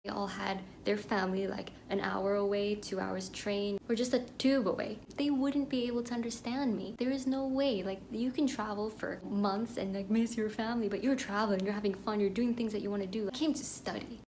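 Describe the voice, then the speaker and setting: A young woman from Pakistan talks through a personal reflection, candid and animated, and now and then drops to a whisper. Her voice is mid-pitched with a gravelly, fry-tinged edge. A faint hiss sits under the recording. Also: brisk, few pauses. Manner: candid, animated storytelling with sudden whispered asides. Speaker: podcast host.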